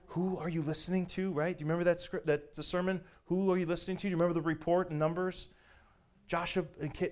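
A male pastor preaching a sermon, lively and swinging between loud declarations and hushed, soft asides, with frequent chuckles. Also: fairly high pitch.

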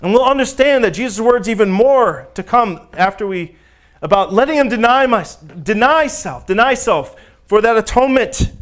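A man with a notably high-pitched voice delivers a teaching sermon. He reads scripture aloud and breaks off to speak directly to his congregation, stressing key words with emphasis in a casual, conversational tone. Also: expressive, normal speed. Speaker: pastor.

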